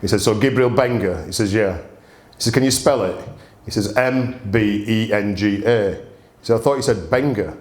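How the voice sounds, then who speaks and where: A man's voice: lowish voice, normal speed, a little mellow. A man, hosting a gin tasting and telling humorous stories in a chatty way, laughing often. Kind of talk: anecdotal storytelling presentation. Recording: roomy echo.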